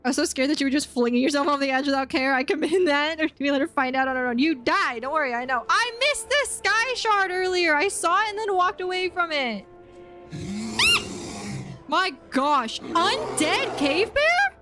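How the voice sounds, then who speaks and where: A woman streaming a game, chatting casually and excitably, yelping and laughing as she plays. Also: high-pitched, moderate pace, loud music behind the voice. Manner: chatty and excitable, yelps and laughs while playing. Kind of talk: casual gaming commentary.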